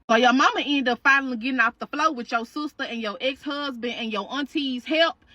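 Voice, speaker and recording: A woman's voice: high-pitched, brisk, sharp tone, no room sound. A woman telling a story in the second person, chatty, slangy and profane. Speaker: storytime host.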